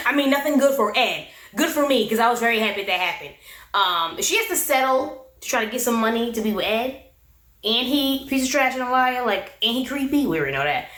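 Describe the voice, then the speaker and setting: A woman's voice: a little high, animated, fairly quick, fairly bright tone, echoey room. A woman casually recapping a reality TV episode, opinionated and slangy, often breaking into laughter. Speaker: recap and review vlogger.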